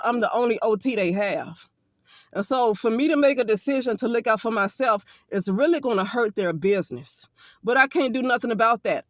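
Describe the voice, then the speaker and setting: Blunt high-voiced woman. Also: fairly bright tone, dry recording. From Alabama, US. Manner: blunt, emphatic, with casual profanity. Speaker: occupational therapist. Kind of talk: casual monologue vlog.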